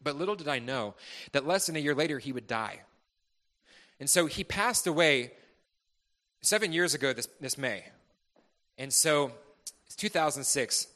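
A bright, ringing male voice, pitched a little higher than most, preaches to a congregation. He tells his testimony earnestly and with passion, rising to fervent peaks and then dropping to a hush. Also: lively intonation, moderate pace, pauses often. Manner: earnest and impassioned, swinging between loud and hushed.

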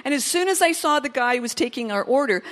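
A woman with a high voice preaches to her congregation. She tells stories in a lively way and acts out the people she quotes. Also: quick pace. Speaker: pastor. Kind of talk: sermon.

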